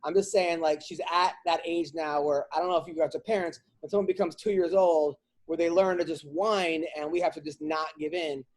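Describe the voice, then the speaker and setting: Brisk and barely pausing, a comedian with a slightly high voice hosts a podcast, venting through a casual chat. His talk is animated and rambling in a comic way, with many restarts.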